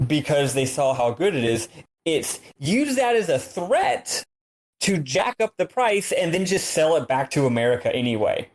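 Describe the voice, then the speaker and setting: A man in the middle of his range, talking through a game story with eager, winding explanations. His voice sits at an ordinary pitch. It comes across as relaxed, casual podcast chat. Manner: enthusiastic, long-winded explaining. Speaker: podcast co-host.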